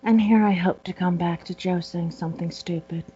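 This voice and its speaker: Female podcast co-host, blunt, exasperated tone, lowish pitch, dull dry lo-fi sound. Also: steady tone, moderate pace, dark tone, slight background noise. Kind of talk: casual chat.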